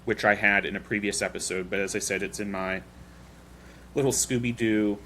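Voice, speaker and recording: Man, podcast host, low bright voice, chatty rambling, light noise. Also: steady tone, moderate pace. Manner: chatty storyteller, loose and rambling. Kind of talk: casual chat.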